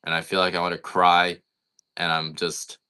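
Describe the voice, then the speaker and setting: A middle-aged man talks casually and bluntly on a livestream, wandering from one complaint to the next. His voice sits low in pitch yet has a tense, bright edge. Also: completely flat delivery, moderate pace, clear, resonant tone. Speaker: coffee farmer selling on a livestream.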